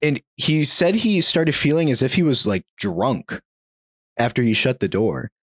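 Animated man telling a spooky story. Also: medium pitch, a little slow, breathy edge, dry recording, clean studio sound. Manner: animated, chuckles while telling a spooky tale. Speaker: podcast host telling a story. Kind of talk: casual storytelling.

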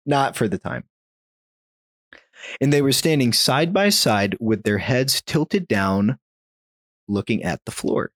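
A man relates a creepy tale to his co-hosts in an easy, chatty way. His pitch rises and falls a lot, and he laughs lightly between beats. The sound is dry and close, with no room echo. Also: slow, pauses often. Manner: animated, chuckles while telling a spooky tale. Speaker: podcast host telling a story. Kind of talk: casual storytelling.

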